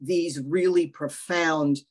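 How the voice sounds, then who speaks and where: An older woman talking candidly on a video call, animated and self-mocking, swearing now and then. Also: low voice, slow pace. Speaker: workshop participant. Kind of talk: emotional personal sharing on a video call.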